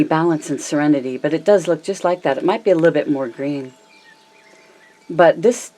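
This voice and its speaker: A woman with a low-pitched voice talks through a tarot reading in a relaxed, chatty way. She addresses her viewers warmly as her loves and honey. Her pitch swings up and down, and she slows down to stress key words. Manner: varies her pitch and pace a lot, slows down for emphasis. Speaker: tarot reader. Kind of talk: casual tarot reading to camera.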